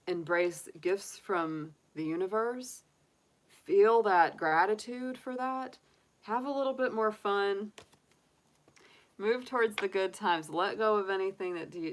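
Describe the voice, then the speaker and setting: A middle-aged woman, giving a chatty, rambling tarot reading with lots of fillers. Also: lowish voice. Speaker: tarot reader. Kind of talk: casual livestream tarot reading.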